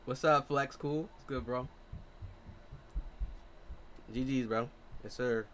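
A young man streams a basketball video game from his home setup and keeps up a loose running commentary. He trash-talks opponents and chats with viewers in easy street slang, at a medium pitch. A faint hiss sits under his voice. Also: slow pace, a bit bright. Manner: loose slangy trash talk to teammates and chat. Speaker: live-streaming gamer. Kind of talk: casual live game commentary.

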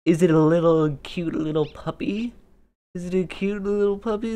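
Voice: mid-range voice, moderate pace, mellow. A gamer rambling through let's play commentary in a goofy, self-amused way. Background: game music.

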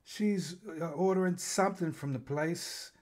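A woman voicing a slow, rambling older lady who talks about her favorite foods, full of fillers and pauses. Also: lowish voice, a little mellow, natural voice. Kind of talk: comedic role-play in a group podcast.

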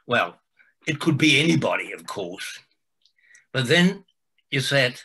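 An older man, a guest telling a personal story in a halting way, full of restarts. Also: medium pitch, animated, husky, low-quality recording. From Denmark. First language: Danish. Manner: halting, with restarts and soft laughs. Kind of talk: storytelling in conversation.

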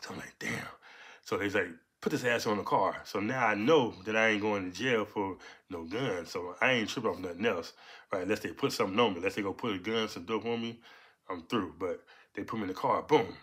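A man in his fifties from Los Angeles, telling a personal story in animated, profane street talk. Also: fairly quick. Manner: animated, profane, punctuates with "boom". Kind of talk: casual storytelling.

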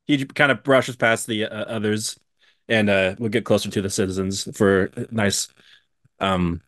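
A man playing a hero in a tabletop role-playing game, relaxed in tone. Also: on the low side, normal speed, no echo, studio quality. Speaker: player.

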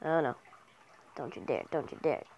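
Young girl gaming and yelling go go go at people, kinda low voice, muffled phone audio. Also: normal speed, a little hiss or hum. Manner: excitable, cheering and trash-talking other players. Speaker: gamer commentator. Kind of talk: casual gameplay commentary.

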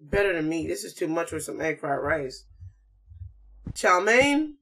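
A woman's voice: fairly low pitch, sing-song, a little slow, a little hiss or hum. A woman hosting a horror game channel, yelping at scares and teasing the game characters in slangy talk. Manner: loud, jumpy, yelps and shouts at scares. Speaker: gaming channel host.

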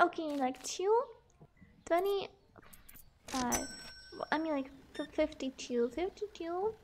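A woman's voice: high-pitched, animated, takes it slowly, long pauses, a little hiss or hum. A young woman streaming a game, chatting casually, greeting viewers with giggles and reading out prices as she plays. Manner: bubbly, giggly, greets chat and reads numbers aloud. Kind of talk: casual live-stream chat while gaming.

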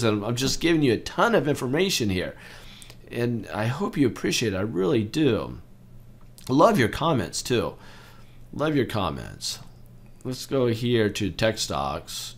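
A man in his forties hosting a trading channel, talking casually through stock charts and getting excitable over big moves. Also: mid-range voice, a little slow. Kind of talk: casual chart walkthrough commentary.

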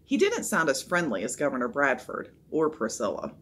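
Husky-voiced woman reading a children's book. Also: rumbling low, moderate pace. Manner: expressive, voices the characters. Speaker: storybook reader. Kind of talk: read-aloud of a children's chapter book.

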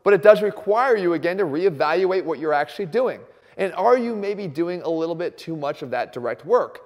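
A man explaining a workout as a fitness coach, talking emphatically and fast. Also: fairly high pitch, animated, darkish tone, in a large hall. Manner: emphatic and rapid. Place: gym.

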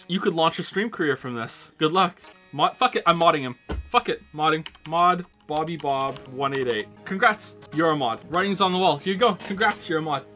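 A male streamer commenting on a video game as he plays. He talks casually and excitably, quick to swear and crack sarcastic jokes, with faint game music behind him. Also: a little high. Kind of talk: casual let's-play commentary.

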